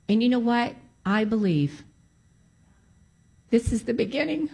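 A woman's voice: a little high, expressive, unhurried, vocal fry, long pauses, a little mellow, husky. A woman giving a testimony to a congregation, emphatic and repeating phrases for stress. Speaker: church speaker giving testimony.

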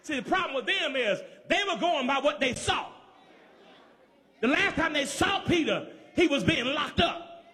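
A man from Georgia preaching a sermon, rhythmic and shouting, with call-and-response to the crowd. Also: very high-pitched, animated, a little slow. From Georgia, USA.

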